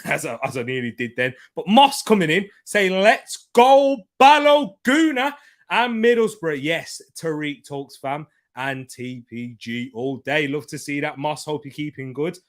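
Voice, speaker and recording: A young man hosting a live football watchalong, chatting casually with lots of slang and shout-outs as he reads viewer comments. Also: medium pitch, moderate pace. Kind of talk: live-stream chat, reading viewer comments.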